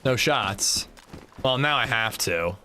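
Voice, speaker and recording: While gaming on a livestream, a young man talks casually and profanely with his viewers, reading chat and answering it. His medium-pitched voice is expressive, pushed and bright, and he speaks slowly; there's a little hiss or hum.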